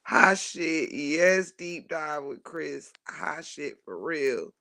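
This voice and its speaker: Guy with a raspy fry voice telling a wild story to his chat, laughing and cussing. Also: a little high, takes it slowly. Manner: animated, swears freely, laughs often, calls viewers child. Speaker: livestream host reading chat.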